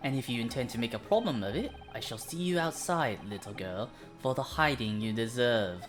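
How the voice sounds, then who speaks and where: A woman voicing a haughty upper-class English gentleman with a put-on posh accent, clipped and condescending. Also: a bass voice, expressive, brisk, soft background music.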